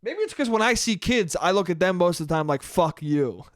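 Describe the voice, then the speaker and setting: A man's voice: sits high, animated, fast, fairly bright tone, no room sound, studio quality. A young man hosting a solo podcast, rambling in a profane, self-mocking way. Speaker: podcast host. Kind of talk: solo comedic monologue.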